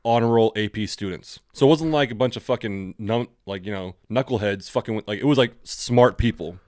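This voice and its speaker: A man's voice: lowish voice, brisk, no room sound. Californian man, dry close sound. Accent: General American. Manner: relaxed and profane, loose and rambling. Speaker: podcast co-host. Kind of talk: casual chat.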